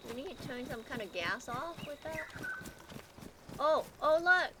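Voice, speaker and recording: A woman streaming a game live, chatting with her viewers, excitable and laughing often as she plays. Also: high voice, a little fast, noisy background. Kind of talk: live gameplay commentary.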